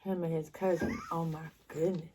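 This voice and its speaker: A woman's voice: sits low, level tone, moderate pace, a crowd in the background. A woman who is a mother, a guest in a casual chat, telling amused stories about her kids. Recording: faint background noise.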